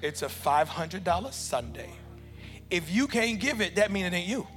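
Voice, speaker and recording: A male preacher with a high, ringing voice leads a congregation in chanting declarations and call-and-response. Church music plays steadily beneath him in the sanctuary. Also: very animated, moderate pace, a bit bright, in a large hall. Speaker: preacher leading prayer and offering. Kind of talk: sermon prayer and offering appeal. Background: church music playing.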